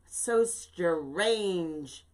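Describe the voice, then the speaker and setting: A woman's voice: fairly low pitch, animated, drawn-out words, darkish tone. A woman in her fifties talks her way through a live craft demonstration. Her delivery is chatty and emphatic, leaning hard on key words. She breaks off now and then to greet viewers by name. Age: 50s. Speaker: craft instructor and shop owner. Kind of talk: live-streamed craft tutorial.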